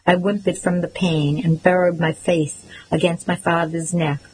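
Audiobook narrator, woman, measured reading, slightly low voice. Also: flat delivery, darkish tone, slight background noise, low-quality recording. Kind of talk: first-person storybook narration.

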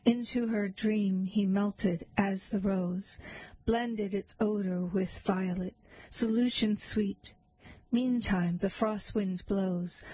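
Slow, husky woman reciting a poem. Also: mid-range voice, no echo, rough recording. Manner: slow, measured recitation, soft whispers at times. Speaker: poetry reader. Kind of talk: reading a narrative poem aloud.

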